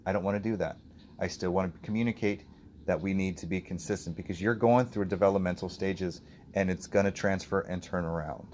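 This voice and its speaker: A man working as a dog trainer, coaching an owner outdoors in an animated, explanatory way. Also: sits low, brisk, a little hiss or hum. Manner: explanatory, animated, acts out the dog's thoughts.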